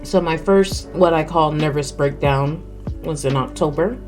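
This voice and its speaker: Her voice is deep and darkish, and she takes her time. She's a woman streamer having a casual chat while eating, chewing between words and speaking candidly into a close desk mic as faint music plays.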